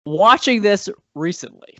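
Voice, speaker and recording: A man chatting on a movie podcast, rambling from point to point and catching himself mid-sentence. His pitch swings widely as he talks. The sound is dry and a little dull, lo-fi. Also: unhurried, no echo. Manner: rambling, animated, frequent self-corrections and laughs. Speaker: podcast co-host. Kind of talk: casual movie-review chat.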